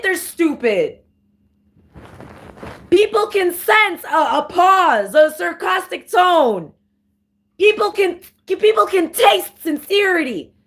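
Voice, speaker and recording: Woman, high-pitched, off-the-cuff monologue, profane, emphatic outbursts, repeated phrases. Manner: profane, emphatic rant with sudden louder outbursts; repeats and restarts phrases, slangy. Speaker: spiritual commentator.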